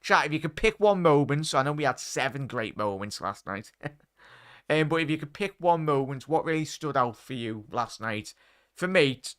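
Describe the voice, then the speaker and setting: A man's voice: on the low side, fairly bright tone, clean tone. A man hosting a live football watchalong in casual chat, talking to viewers by name with lots of fillers. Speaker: watchalong host.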